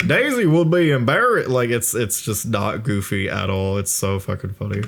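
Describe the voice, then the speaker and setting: A man's voice: fairly low pitch, moderate pace, vocal fry, fairly bright tone, slight background noise. Rambling man on a headset mic. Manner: rambling, self-deprecating, swearing, many restarts. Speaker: creator commentating on his own let's play. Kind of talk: casual commentary.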